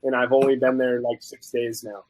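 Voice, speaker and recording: A man guest on a chat show, telling a story in a casual, animated way and acting out the quoted people. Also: mid-range voice, normal speed, poor audio. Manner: animated, acts out both sides of quoted dialogue. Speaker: guest food reviewer.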